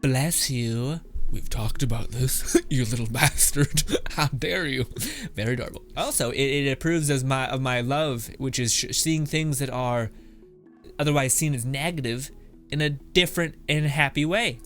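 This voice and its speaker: A man's voice: mid-range voice, normal speed. A man reacting to internet memes in casual commentary, laughing often, swearing, and rambling off into asides. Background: background music.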